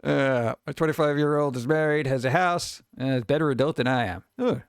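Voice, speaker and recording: A man's voice: medium pitch, clean tone, no echo, clean studio sound. A man in his forties, a streamer rambling casually and answering chat, swearing and chuckling often.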